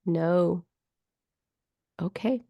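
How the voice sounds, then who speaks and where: A woman psychologist hosting a radio talk show and chatting with a livestream audience. She talks loosely, with restarts and fillers, and leaps up in pitch when she acts out people's inner thoughts. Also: extremely slow, vocal fry, muffled recording. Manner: animated, jumps higher when voicing inner thoughts.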